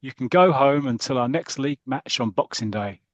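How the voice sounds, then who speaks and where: A man's voice: medium pitch, animated, fairly quick, no echo, muffled recording, natural voice. A man doing a blustering football boss. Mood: gruff. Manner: blustering, exclaims loudly. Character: gruff older male football club boss.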